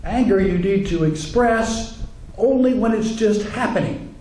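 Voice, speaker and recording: A man's voice: high voice, a little slow, warm tone. A male minister giving a humorous sermon in a wry, conversational way, acting out the voices he quotes. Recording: echoey room, faint ambience.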